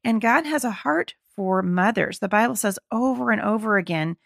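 A middle-aged woman hosts a faith podcast in a gravelly, slightly hoarse voice with plenty of fry. She talks to her listeners in an earnest, encouraging, conversational way. The sound is dry and close. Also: mid-range voice, expressive, moderate pace, fairly bright tone, no room sound. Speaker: podcast host. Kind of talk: faith-based podcast talk.

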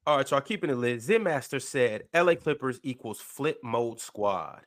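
Male host, mid-pitched, reads chat comments with playful put-on voices. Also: animated, moderate pace. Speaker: podcast host reading chat. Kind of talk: casual panel chat.

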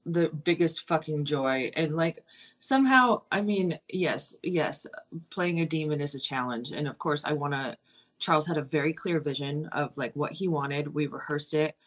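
A woman's voice: sits low, normal speed. Candid, swearing woman in her thirties. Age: 30s. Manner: candid, swears freely, effusive. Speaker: actress and co-producer. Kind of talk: casual interview.

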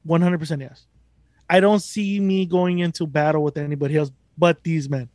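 A man's voice: on the high side, fairly even intonation, normal speed, a little mellow, no echo, clean studio sound. A young man hosting a podcast, talking casually in a profane, rambling, emphatic way. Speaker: podcast host.

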